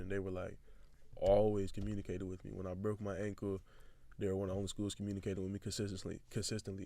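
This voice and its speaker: A young man, a football recruit guest on a podcast, telling his story in a relaxed, rambling way with frequent restarts. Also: low voice, no echo. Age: young adult. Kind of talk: casual storytelling.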